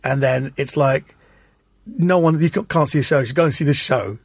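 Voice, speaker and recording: A man, a comedian guest, telling anecdotes in an animated way in casual chat and acting out the voices he quotes. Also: medium pitch, fairly quick, no room sound, clean studio sound.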